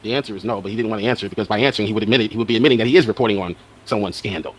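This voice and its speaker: A man's voice: lowish voice, rapid-fire, breathy edge. A man talking in argumentative video commentary who presses the same questions again and again. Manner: presses his questions repeatedly.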